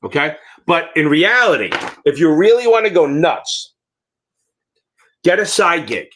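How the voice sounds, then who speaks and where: A man's voice: on the high side, big pitch swings, a little slow, a bit bright, slight background noise. A middle-aged American man teaching exam prep in a live Q&A, blunt and rambling, with frequent swearing.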